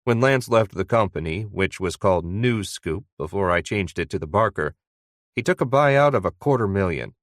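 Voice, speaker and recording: A man reading an audiobook in first person, with conversational, steady storytelling. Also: sits low, normal speed, dry recording, studio quality. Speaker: audiobook narrator. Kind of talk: first-person scripted narration.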